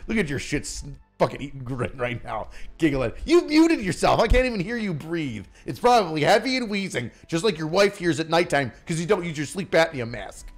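Loud mock-angry man ranting. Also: fairly high pitch. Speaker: podcast host. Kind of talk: casual roast banter.

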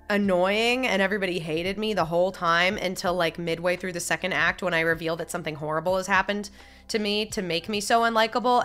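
A woman's voice: fairly low pitch, a bit bright. A young woman, chatting casually as a streamer while gaming and reading chat. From upstate New York. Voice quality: nasal. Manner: chatty and rambling, with frequent filler words.

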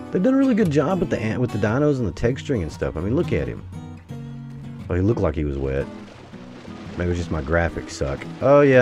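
A deep-voiced American man rambles through his gameplay commentary, his pitch leaping up when excited and dropping into low grumbles. Faint guitar music plays under his voice. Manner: rambling, exclamatory, swings between excited and grumbling. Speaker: gaming YouTuber.

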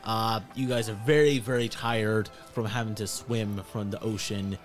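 A man's voice: lowish voice, steady tone, normal speed, soft background music. A man narrating a tabletop pirate game as game master, in a playful manner.

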